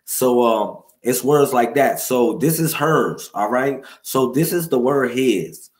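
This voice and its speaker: A man hosting a livestream, giving a loose, repetitive spiritual teaching full of slang and shout-outs to viewers. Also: mid-range voice, expressive, slow pace. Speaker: livestream host.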